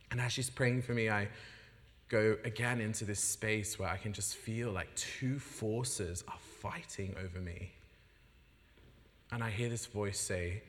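A man giving an animated personal testimony as a guest preacher, acting out the voices of the people in his story and laughing often. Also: fairly low pitch, unhurried, slight background noise. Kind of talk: testimony in a sermon. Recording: long hall reverb.

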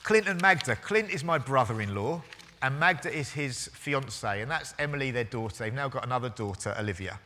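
A man's voice: medium pitch, lively intonation, brisk, pushed and bright, a little hiss or hum. A man in his forties preaching a sermon as pastor, telling a story with restarts and acting out both sides of the conversation. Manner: storytelling, with hesitant restarts and acted-out dialogue. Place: church hall. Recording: long hall reverb.

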